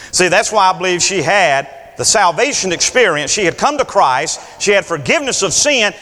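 Animated male preacher in a reverberant hall. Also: high voice, normal speed, hardly any pauses. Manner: animated preaching, acts out voices of biblical figures. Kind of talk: sermon.

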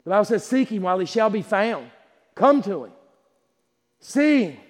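A man preaching a sermon, who swings from loud climaxes to quiet asides and laughs while telling stories. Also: high voice, sing-song, moderate pace. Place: church sanctuary. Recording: long hall reverb.

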